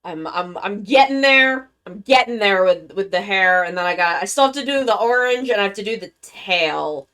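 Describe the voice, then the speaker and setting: A worn-out woman chatting casually with her live-stream viewers, halting and rambling as she recovers from being sick. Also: medium pitch, lively intonation, fairly bright tone, clear, resonant tone. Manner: rambling, halting, with many restarts. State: worn-out and tired, recovering from illness.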